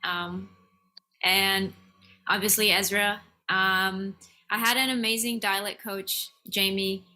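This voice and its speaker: Bright-voiced actress on a video call. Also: female voice, mid-range voice, flat delivery, takes it slowly.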